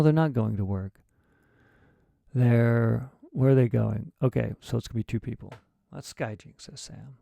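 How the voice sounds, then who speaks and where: A man's voice: on the low side, dark tone, dry recording, studio quality. A man thinking aloud as he plans a short story, rambling and often trailing off into mutters. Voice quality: gravelly. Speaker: writer livestreaming his process. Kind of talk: casual thinking aloud while writing.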